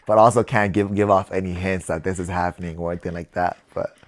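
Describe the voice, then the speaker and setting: A young adult man co-hosting a podcast speaks fast in a deep, steady voice. In casual chat he works through ideas thoughtfully, often restarting his words.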